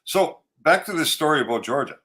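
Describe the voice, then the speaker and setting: A man's voice: a little high, expressive, fast, pushed and bright. A man co-hosting a podcast who chats casually, makes dry jokes and reads news items aloud carefully. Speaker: podcast co-host.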